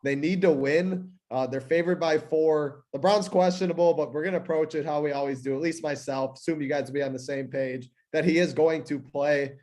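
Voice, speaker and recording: A male fantasy sports analyst with a voice sitting slightly high. He walks through game times and injury news methodically and without fuss. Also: steady tone, fairly quick, hardly any pauses, darkish tone. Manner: methodical, matter-of-fact.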